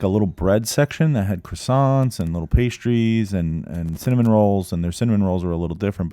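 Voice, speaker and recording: A man recording a relaxed voice-over for his travel vlog, giving candid asides about the trip. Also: low voice. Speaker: travel vlogger. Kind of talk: voice-over commentary.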